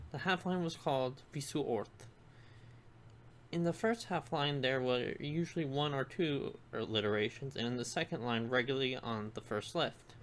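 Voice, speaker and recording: A video lecturer giving scripted educational narration, measured and explanatory, spelling out examples one by one. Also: medium pitch, a little hiss or hum.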